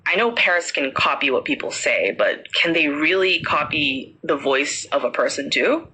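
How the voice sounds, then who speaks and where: A woman's voice: deep voice, expressive, normal speed, bright, forceful tone, breathy edge, full character voice, poor audio. A woman voicing a puzzled young man asking uneasy questions in a spoken ghost story. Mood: curious. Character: young man, uneasy visitor unsettled by a parrot.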